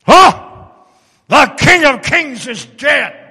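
A man voicing a boastful, gloating male Satan who shouts his triumph, in a large echoing hall. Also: very high voice, lively intonation, slow, full character voice. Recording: long reverb of a large hall.

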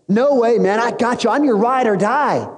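A man's voice: high voice, huge pitch swings, rapid-fire, darkish tone. A man voicing a brash, impulsive male disciple who talks in slang and protests emphatically. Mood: boastful. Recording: long reverb in a hall.

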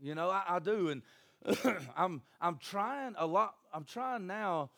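A man, preaching a sermon in a church with jokey, animated storytelling and acted voices. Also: high voice, slow. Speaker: pastor.

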